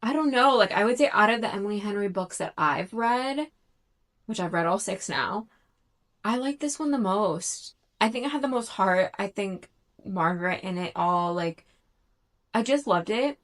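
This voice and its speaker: A woman's voice: mid-range voice, lively intonation, normal speed, a bit bright. A thirty-year-old woman chatting casually in a reading vlog, talkative and self-conscious, with frequent fillers and restarts. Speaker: book vlogger.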